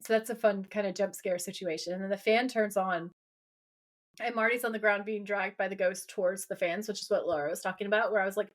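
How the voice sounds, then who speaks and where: A woman's voice: medium pitch, steady tone, fairly quick. A woman co-hosting a podcast, chatting casually as she retells a TV episode, quoting characters with plenty of swearing. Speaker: podcast co-host. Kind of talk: casual chat recapping a TV episode.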